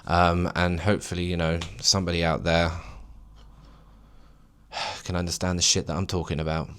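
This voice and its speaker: Low-voiced man preaching on his podcast. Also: level tone, moderate pace, background noise. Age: late 20s. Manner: rambling and preachy, with emphatic encouragement. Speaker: podcast host. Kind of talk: solo podcast monologue.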